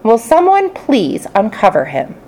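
A woman's voice: on the high side, wildly swooping pitch, a little mellow, pitched above the performer's own voice. A woman reading a firm, kind schoolteacher. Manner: firm, measured. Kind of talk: audiobook character reading.

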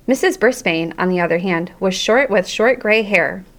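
A woman narrating a children's audiobook in a lively, expressive storytelling manner. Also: mid-range voice, normal speed.

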